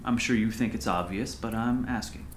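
A man's voice: medium pitch, animated, normal speed, a bit bright, slight background noise, lightly acted. A middle-aged man playing a talkative, folksy small-town pastor in an audio drama, who keeps calling others son. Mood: earnest.

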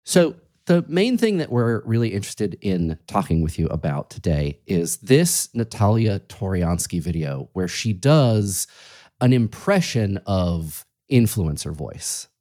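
A man's voice: on the low side, very animated, a little slow, dark tone. A man hosting a podcast interview, reflective and conversational. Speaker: podcast host.

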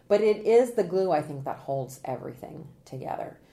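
A woman's voice: fairly low pitch, normal speed. A woman trial consultant giving an interview, talking with energy, laughing and acting out what jurors say. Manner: energetic, animated, acts out quotes with laughs. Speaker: trial consultant and presentation coach. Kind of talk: podcast interview guest.

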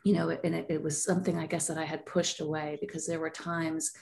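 A woman's voice: deep voice, flat delivery, fairly quick, gravelly, darkish tone. A woman in her forties, a podcast guest, telling a heartfelt personal story in a rambling way with many fillers.

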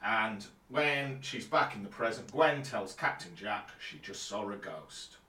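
A man's voice: fairly low pitch, measured pace. Man recapping, distant roomy mic. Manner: relaxed, summarizing plot steadily. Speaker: podcast co-host. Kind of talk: casual episode recap.

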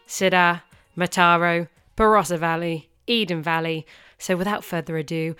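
A woman's voice: mid-range voice, sharp tone. Bubbly woman podcast host. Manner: bubbly, laughs readily. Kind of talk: casual podcast interview.

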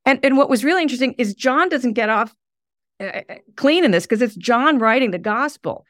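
A middle-aged woman, a podcast guest, telling animated stories and laughing often. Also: fairly high pitch, fairly quick, no echo, clean studio sound. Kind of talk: conversational interview.

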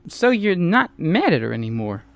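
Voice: mid-range voice, big pitch swings, moderate pace, gravelly. An actor voicing a teasing, folksy young man with a drawling way of talking.

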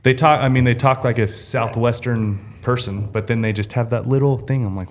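A man hosting a podcast in casual chat, telling anecdotes in an animated way. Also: mid-range voice, normal speed, a little hiss or hum. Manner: animated storytelling, mimics others. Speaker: podcast host.

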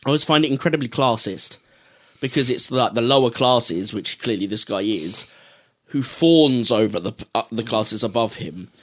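A man's voice: mid-range voice, expressive, moderate pace. A man co-hosting a podcast, explaining and critiquing an anime in a casual, opinionated chat. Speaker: podcast co-host.

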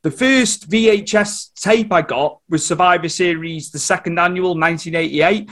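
A man's voice: sits high, normal speed, a bit bright. A man from Wales with a Welsh accent, hosting an interview and eagerly passing on viewer questions. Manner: enthusiastic, relays viewer questions. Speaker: interview host. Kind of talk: casual interview chat.

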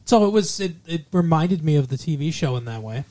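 A man's voice: a little high, animated, mellow. Rambling jokey male podcast co-host. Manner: rambling, jokey, does quick impressions. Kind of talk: casual movie review chat.

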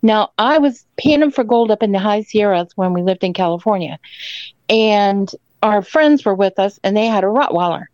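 A woman's voice: medium pitch, lively intonation, moderate pace, darkish tone, dry recording, muffled recording. A woman telling her own story in an emphatic, rambling way, often tagging her sentences with "okay?". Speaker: caller telling an encounter story. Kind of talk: emotional first-person storytelling.

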